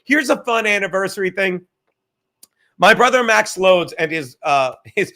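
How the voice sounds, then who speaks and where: High, bright-voiced man rambling profanely. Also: moderate pace. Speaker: podcast host. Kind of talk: casual podcast monologue.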